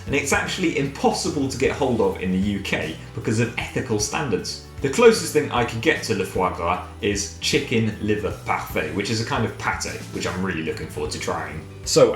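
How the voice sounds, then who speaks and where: A man teaching a playful French lesson for children from a home kitchen, repeating words for pupils to copy. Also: fairly low pitch. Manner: playful, drills words with varied voices. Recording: echoey room with faint music.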